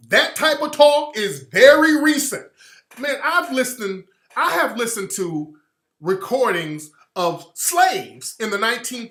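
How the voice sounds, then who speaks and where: A man from Alabama in the American South delivers an insistent, opinionated monologue, his pitch swinging widely as he presses each point. His voice is bright and forceful, ringing with a roomy echo.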